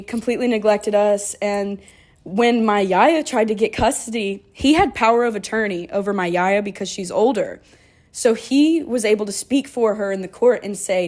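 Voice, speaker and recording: A woman's voice: mid-range voice, normal speed, darkish tone. A young woman, telling her own life story in a candid, rambling way full of fillers. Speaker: podcast host. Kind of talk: personal storytelling.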